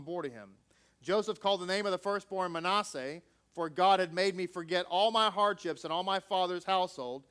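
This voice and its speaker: A male preacher with a fairly high, smooth and resonant voice reads a scripture passage and then preaches. He speaks conversationally to his congregation and throws in jokey asides. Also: fairly bright tone. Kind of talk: scripture reading and sermon.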